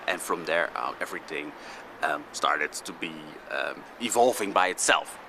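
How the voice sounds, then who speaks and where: Halting lakeside vlogger, lively pitch. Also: male voice, vocal fry, a little hiss or hum. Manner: halting, with many fillers. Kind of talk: outdoor video blog. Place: outdoors by a lake near traffic.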